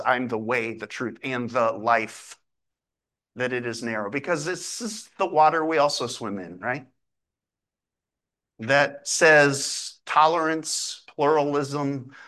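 A man preaching a sermon in a conversational way, asking rhetorical questions and reading scripture aloud slowly and with emphasis. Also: medium pitch, bright, forceful tone. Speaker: pastor.

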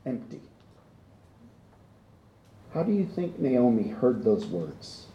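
A man's voice: medium pitch, sing-song, slow, pauses often, echoey room, highs cut off. A man preaching a sermon in an earnest, conversational way that builds to impassioned emphasis. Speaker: pastor.

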